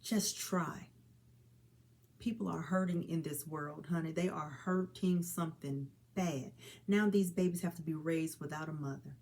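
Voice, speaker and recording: Her voice deep and darkish, a mother in her forties delivers an earnest, heartfelt direct-to-camera talk on suicide awareness at a measured pace. She calls listeners honey and child, pleading for everyone to help one another.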